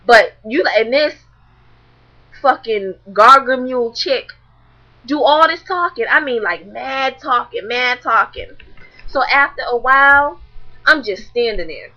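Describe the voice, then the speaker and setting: A young woman tells a story to her webcam, blunt and profane, with a bright, somewhat high voice. The sound is dull and lo-fi, like a cheap built-in mic. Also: animated, a little slow. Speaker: vlogger. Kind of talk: casual storytelling to camera.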